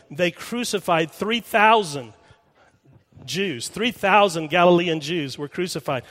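A man's voice: a little high, fairly bright tone. A man preaching a sermon as pastor in a church, telling a story with rhetorical questions. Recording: long hall reverb.

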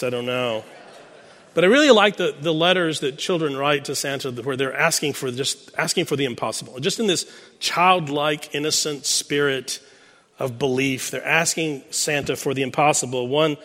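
In a large church sanctuary, a Texan-accented pastor preaches a sermon, folksy and joking as he reads children's letters to his congregation. His mid-range voice is a bit bright, moving at a moderate pace through the big hall.

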